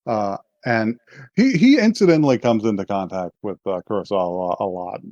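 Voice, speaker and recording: A man's voice: fairly low pitch, animated, moderate pace, a little mellow, dry recording, lo-fi sound. A man co-hosting a podcast, casually retelling an episode and acting out the characters' lines, laughing often. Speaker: podcast co-host. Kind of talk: casual chat recapping an episode.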